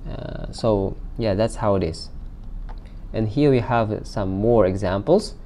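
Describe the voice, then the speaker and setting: Mellow-voiced man teaching a language. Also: lowish voice, expressive, slight background noise. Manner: reads each Arabic sentence, then translates it slowly with hesitant fillers. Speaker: Arabic teacher. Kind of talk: recorded language lesson.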